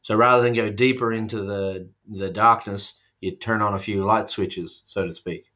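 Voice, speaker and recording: A man's voice: fairly low pitch, fairly even intonation, moderate pace, pushed and bright. A man co-hosting a casual comedy chat, spinning absurd tangents with frequent fillers and restarts, heard over a remote call. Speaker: co-host.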